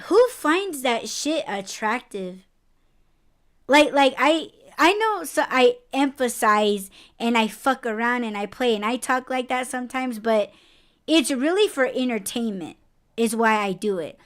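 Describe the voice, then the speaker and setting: A woman's voice: a little high, expressive, moderate pace. A woman hosting a casual podcast conversation. She rants bluntly, swears a lot and breaks into emphatic, rising outbursts. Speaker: podcast host.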